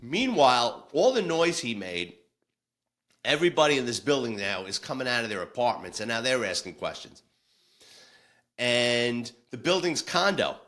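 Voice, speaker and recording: A man's voice: medium pitch, very animated, normal speed, a bit bright. A man, a former police detective telling war stories in a casual, blunt, salty way with frequent restarts. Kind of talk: casual storytelling.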